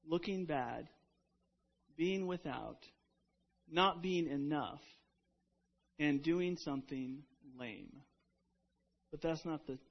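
A man preaches an earnest sermon, often restarting his phrases as he works through a point. His voice sits notably high. The recording has a dull, lo-fi quality. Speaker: pastor.

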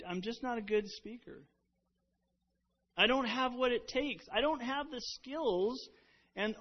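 A nervous older man stammers through polite excuses, as a preacher acts him out. His voice rides somewhat high and keeps catching on itself. The recording sounds dull and lo-fi. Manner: halting, stammering pleas.

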